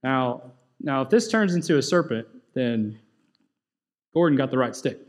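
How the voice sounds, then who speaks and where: A man's voice: mid-range voice, lively intonation, moderate pace. A man preaching a sermon in a conversational way, asking the congregation questions and joking with them. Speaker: pastor.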